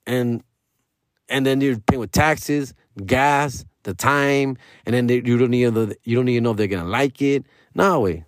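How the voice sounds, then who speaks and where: Animated man ranting casually. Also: no echo, clean studio sound. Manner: profane slangy talk, switching into Spanish phrases; animated, pitch jumping up and down. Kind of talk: casual rant.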